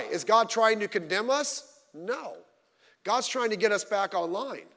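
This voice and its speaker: A male pastor preaching a sermon, swinging between loud emphatic lines and low quiet asides, telling stories with humor. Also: lively intonation, measured pace, big-room sound. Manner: informal storytelling with humor. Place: church.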